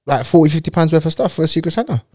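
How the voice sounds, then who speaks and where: Fast-talking young man. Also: a little high, lively intonation, darkish tone, no echo, clean studio sound. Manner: quick slangy banter, teasing. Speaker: podcast co-host. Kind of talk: casual chat.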